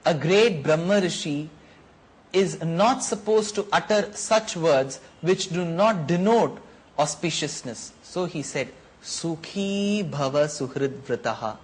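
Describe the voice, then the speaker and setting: A man's voice: a little high, slow pace. A man narrating and explaining an ancient epic in a reflective, explanatory way. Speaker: storyteller. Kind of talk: narrating a mythological story.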